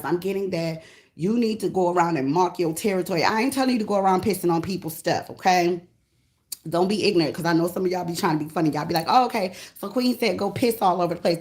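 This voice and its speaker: A woman's voice: lowish voice, fast, darkish tone. Blunt, profane woman tarot reader. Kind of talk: casual spiritual reading monologue.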